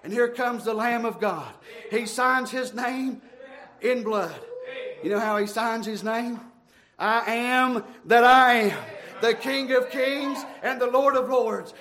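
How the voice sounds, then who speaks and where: A man preaching a fervent sermon, shouting in bursts and running out of breath. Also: very high-pitched.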